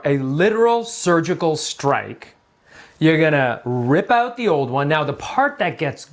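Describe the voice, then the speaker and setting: A man, an orthopedic doctor, talking through a sports injury in a casual, joking explainer style with lots of fillers and digressions. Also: fairly high pitch. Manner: chatty and digressive, jokes around, many fillers. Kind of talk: casual medical explainer talk.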